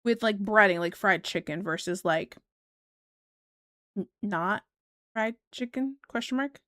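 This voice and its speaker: A woman's voice: mid-range voice, unhurried, fairly bright tone, dry recording, clean studio sound. A woman streamer chatting casually with viewers, rambling with lots of fillers and giggles. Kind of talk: casual chat reading viewer comments.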